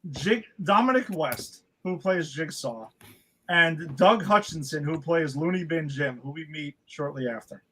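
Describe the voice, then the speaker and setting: A man's voice: fairly high pitch, unhurried, pushed and bright, slight background noise, low-quality recording. A man, co-hosting a casual movie podcast and talking bluntly with plenty of swearing. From New York. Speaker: podcast co-host.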